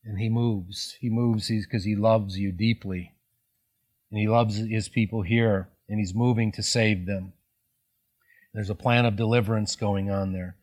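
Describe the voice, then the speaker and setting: A man's voice: on the low side, fairly even intonation, measured pace, darkish tone. A middle-aged man preaching a sermon as a pastor, in a conversational way with many fillers and restarts.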